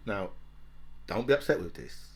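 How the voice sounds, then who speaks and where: A man's voice: lowish voice, creaky. A man hosting a casual monologue, rambling, laughing often and tagging "right?" onto his sentences. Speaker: talk show host.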